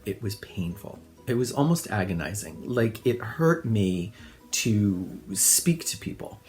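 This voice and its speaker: A middle-aged man telling funny childhood stories in a relaxed monologue, self-deprecating and often laughing. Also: on the low side. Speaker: host. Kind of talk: casual storytelling monologue.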